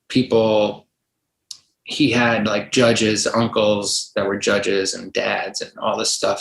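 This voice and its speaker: A man's voice: fairly low pitch, vocal fry, a bit bright. A middle-aged man, a podcast guest, telling a long story in a rambling casual way, full of likes and ums, acting out the voices of others. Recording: roomy echo.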